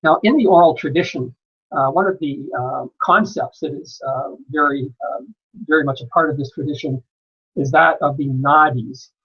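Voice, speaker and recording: A man speaking at a conference, giving a measured lecture with frequent pauses and "uh" fillers. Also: on the high side, breathy edge, muffled recording. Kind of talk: lecture presentation. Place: conference hall.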